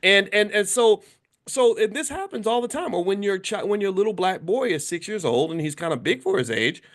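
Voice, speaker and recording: A middle-aged man giving a casual commentary monologue, animated and often restarting and repeating words. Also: high voice, a little fast.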